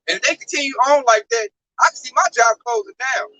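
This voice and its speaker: Bright-toned guy preaching casual, swears a lot, gets worked up. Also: very high-pitched, fast, few pauses, rough recording. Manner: animated, profane and preachy. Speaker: religious talk show speaker.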